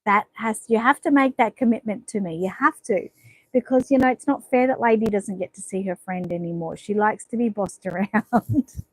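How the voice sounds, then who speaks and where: A woman's voice: medium pitch, moderate pace, poor audio. A middle-aged Australian woman chatting casually on a livestream, rambling and playfully bossy with her viewers. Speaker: livestream host. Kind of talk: casual live-stream chat reading comments.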